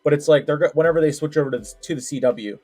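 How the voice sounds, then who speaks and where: This co-host's voice sits on the high side and is a little mellow, and he speaks very fast. His casual wrestling-predictions chat is a ramble of restarts, filler, and "like."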